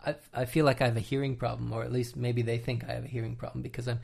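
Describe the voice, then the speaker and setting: A man's voice: medium pitch, flat delivery, racing, vocal fry, a little mellow. A man co-hosting a podcast, talking in a wry, self-deprecating casual way. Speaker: podcast co-host. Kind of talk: casual chat.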